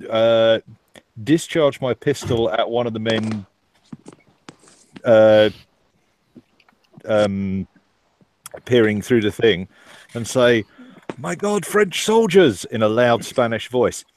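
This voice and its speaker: Slow, low-voiced male player. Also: fairly even intonation, a little mellow, a little hiss or hum. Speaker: tabletop game player.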